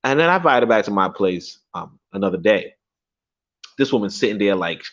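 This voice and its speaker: A young man tells stories on a casual livestream. His pitch swings all over as he rambles, swears and repeats himself. The stream audio is dull and lo-fi. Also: animated, moderate pace, long pauses, a bit bright, slightly rough. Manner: rambling, profane, laughs often, repeats himself. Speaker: livestream host.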